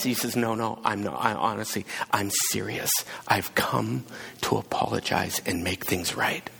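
A man's voice: fairly low pitch, steady tone, a little slow, creaky, fairly bright tone, breathy edge. A man preaching a sermon and telling a story, acting out the voices of its people and building to fervent emphasis. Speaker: pastor. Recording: long hall reverb.

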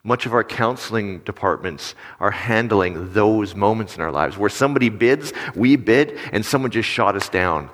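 A male pastor giving a casual, talky sermon, his low voice carried by the long reverb of a large hall. He keeps checking in with his listeners through questions. He livens up when he acts out small scenes. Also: normal speed, hardly any pauses. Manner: conversational, animated when acting out stories, asks the audience questions.

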